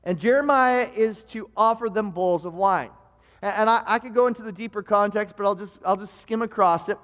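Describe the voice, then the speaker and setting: A middle-aged man preaching in a fairly high voice. He talks casually to the congregation, repeating and restarting words as he goes. His voice rings with the long reverb of a large hall. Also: fairly quick, fairly bright tone. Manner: stammering restarts, conversational preaching. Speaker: pastor. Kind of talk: sermon.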